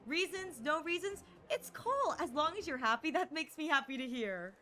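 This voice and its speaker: Bright, playful woman streamer. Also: high voice, lively intonation, a little fast, faint music behind. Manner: playful, chatty, reads dialogue aloud. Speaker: game streamer. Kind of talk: casual live-stream commentary.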